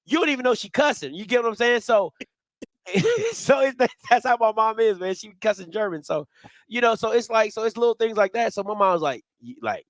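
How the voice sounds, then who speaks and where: A man co-hosting a casual sports talk show, animated and repeating himself as he laughs. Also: high voice, a little fast, no echo. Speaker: podcast co-host.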